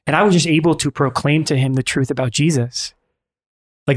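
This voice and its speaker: A man, a priest and friar, telling a personal story in an earnest, halting way with many restarts. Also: fairly high pitch. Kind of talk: conversational storytelling.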